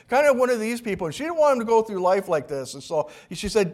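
A man's voice: high voice, expressive, fast talker, few pauses. A male pastor preaching a sermon, telling a story with acted-out quotes and some restarts.

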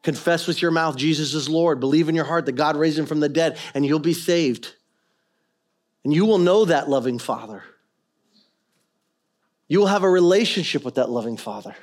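A middle-aged man preaching a sermon as pastor, swinging between quiet earnest stretches and loud, impassioned ones. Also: on the high side, moderate pace, pauses often.

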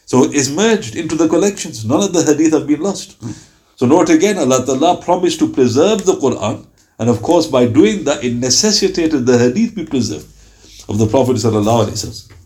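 A man's voice: on the high side, animated, a little fast, mellow. A man giving a religious lecture on early Islamic scholars, telling stories with quoted dialogue. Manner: storytelling with acted-out quotes.

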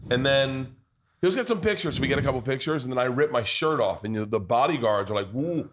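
A man's voice: medium pitch, quick pace, background noise. A man hosting a podcast in a pub, telling a rowdy story full of swearing in casual chat. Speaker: podcast host.

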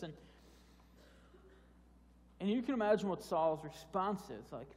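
A man's voice: on the high side, expressive, moderate pace, long pauses, darkish tone. A man preaching a sermon in a casual, conversational way, often restarting phrases and repeating words. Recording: long hall reverb.

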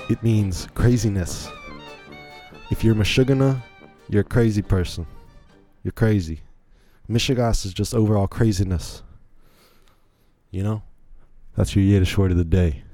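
Low, mellow-voiced man giving rambling commentary. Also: measured pace, long pauses, soft background music. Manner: incredulous, rambling play-by-play. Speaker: podcast host. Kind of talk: casual commentary on a video.

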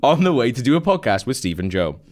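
A man's voice: mid-range voice, very animated, fast talker, darkish tone. A man hosting a casual comedy podcast, laughing often as he rambles and reads out a script. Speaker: podcast host.

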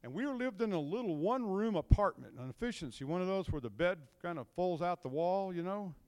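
A middle-aged man with a higher voice, a counselor, delivers a church sermon, speaking expressively and briskly with a darkish tone and no room sound. He preaches conversationally and tells stories, drawing the audience into call and response and checking in with "okay?" and "right?"

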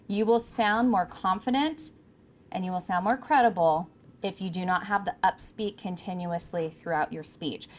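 A communication coach from California speaks to a live room of interns in an emphatic, clear presenter's voice. Her pitch sits in the middle of the range, and she varies her pacing, leaning on key words. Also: moderate pace, slight background noise. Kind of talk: workshop talk to interns.

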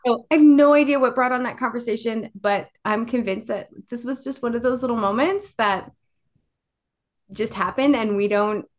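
A woman in her forties, a podcast guest who tells family anecdotes in a casual, animated way and laughs often. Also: on the high side, moderate pace. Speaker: guest, author and mother. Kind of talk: casual storytelling in a podcast interview.

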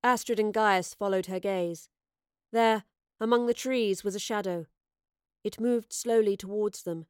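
A woman's voice: medium pitch, clear, resonant tone, dry recording. Woman narrating a storybook, dry and close. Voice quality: measured, expressive storytelling. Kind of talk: audiobook narration.

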